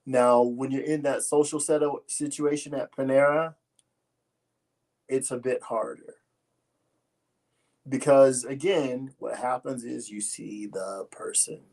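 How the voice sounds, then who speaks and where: A man co-hosting a casual discussion, speaking in a measured, reasoning way. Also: medium pitch, fairly even intonation, creaky, darkish tone. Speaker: co-host.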